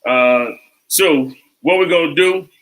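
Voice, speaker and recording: A man's voice: fairly high pitch, slow, a bit bright, a little hiss or hum. A man hosting a casual cooking livestream from his home kitchen, talking loosely and repeating phrases like a chant. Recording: echoey kitchen, mic at a distance.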